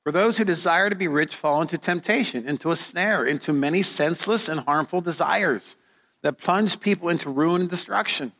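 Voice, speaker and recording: A middle-aged male pastor delivering a sermon in a fairly high, bright voice. He preaches slowly and deliberately and tells his stories dramatically. A long hall reverb trails each phrase.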